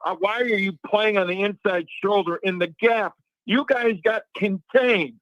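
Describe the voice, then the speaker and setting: A man's voice: sits high, moderate pace, no room sound. A man from Chicago calling in to a show, speaking earnestly and emphatically. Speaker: caller. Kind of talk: call-in opinion. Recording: dull dry phone line.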